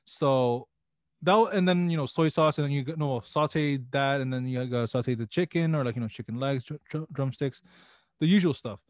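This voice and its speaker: A man's voice: mid-range voice, moderate pace, dry recording, studio quality. A young man hosting a casual podcast chat, slangy and full of swearing, often restarting his sentences. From Filipino family background. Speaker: podcast host.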